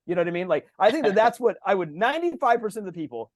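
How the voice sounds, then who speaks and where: A man's voice: high-pitched, very animated, racing, few pauses, dry recording, clean studio sound. A man co-hosting a podcast in casual chat, rambling and telling stories with lots of "like" and acted-out quotes, swearing casually. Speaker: podcast co-host.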